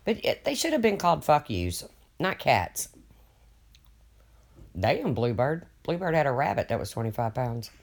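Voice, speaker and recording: A man's voice: mid-range voice, sing-song, moderate pace, pauses often. An older man rambling casually to viewers on his livestream, folksy and swearing freely as he reads their comments. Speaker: livestream host.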